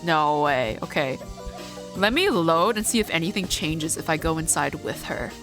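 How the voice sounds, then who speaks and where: A woman streamer playing a visual novel, reading it aloud and reacting with expressive, swearing outbursts. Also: sits low, moderate pace, over music.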